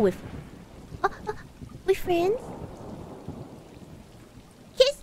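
A woman streaming a game live, playful and excitable, gasping, meowing and talking in cutesy broken grammar. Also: high-pitched, slight background noise.

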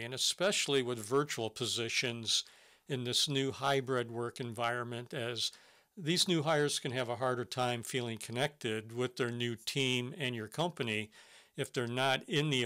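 A man's voice: mid-range voice, pushed and bright. A man presenting a business webinar, giving earnest step-by-step advice on hiring with some fillers and restarts. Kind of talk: instructional webinar talk.

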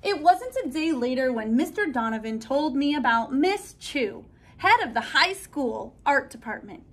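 A woman reading a children's picture book aloud as a storyteller. Her voice is high and her pace unhurried, and she gives each phrase careful, expressive emphasis.

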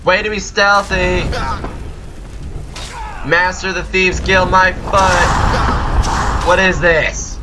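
A man's voice: high-pitched, little pitch movement, very slow, long pauses, music in the background. A man giving goofy, rambling let's play commentary with sudden outbursts while he plays. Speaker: gameplay commentator.

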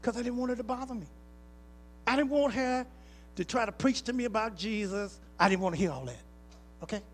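High-voiced pastor preaching with swing. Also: male voice, a little fast, soft background music. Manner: preacher's call-and-response, folksy, rising to emphatic. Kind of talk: sermon with personal stories. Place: church sanctuary.

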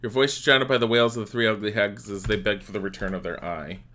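A man's voice: on the low side, fairly even intonation, fast, pushed and bright. A man streaming a live game playthrough, reading the game's text aloud between the commands he types.

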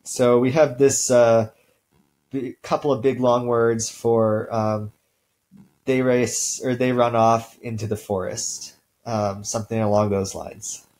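A male linguistics instructor giving a recorded lecture in a relaxed way, with many ums and uhs and the odd throat clear. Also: mid-range voice, takes it slowly, low-quality recording.

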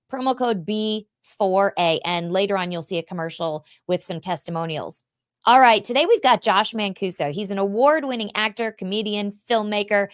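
A woman's voice: mid-range voice, no echo, studio quality. A woman hosting a talk show, reading a sponsor spot and chatting with a guest in a bubbly, effusive way. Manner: bubbly and effusive, quick to laugh. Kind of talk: casual interview chat.

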